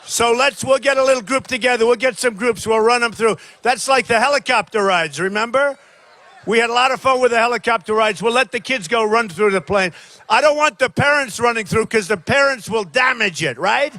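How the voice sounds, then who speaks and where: Older man, campaign rally speech, high-pitched, sharp bright tone, repetitive and rambling. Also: a little fast, no room sound. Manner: rambling, repetitive, talks straight to the crowd. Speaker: political candidate. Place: large rally crowd by a plane.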